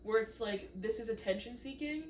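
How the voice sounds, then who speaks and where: A young woman co-hosting a podcast in casual chat, congested and wheezy, playful and quick to laugh. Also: a little high, a little mellow. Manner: playful, laughs often, dry jokes. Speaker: podcast co-host. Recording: roomy, mic at a distance, faint hiss.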